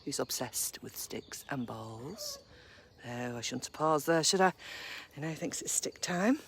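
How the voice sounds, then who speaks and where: Woman, live-stream chat, lively up-and-down voice, coos at her dogs, outdoor walk, faint birdsong behind. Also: a little slow, gravelly, slight background noise. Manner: chatty, coos at her dogs in a high baby voice. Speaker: vlogger walking her dogs. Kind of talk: casual live-stream chat while walking. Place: woodland park outdoors, early morning.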